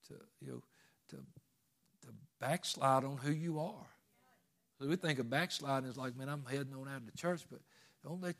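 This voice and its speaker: A middle-aged man, preaching a sermon in a folksy storytelling way that swells when he stresses a point. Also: mid-range voice. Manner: folksy storytelling with rising emphasis. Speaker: pastor.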